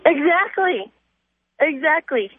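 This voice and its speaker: A woman's voice: high-pitched, lively intonation, slow, no room sound. A woman calling into a talk radio show, speaking indignantly and with emphasis over a phone line. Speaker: caller.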